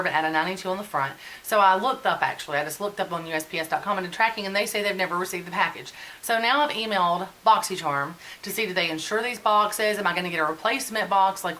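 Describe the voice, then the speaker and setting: A woman's voice: mid-range voice, sharp tone, a little hiss or hum, rough recording. A woman in her forties chatting casually and venting while doing a get-ready-with-me beauty vlog. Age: 40s. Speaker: beauty vlogger.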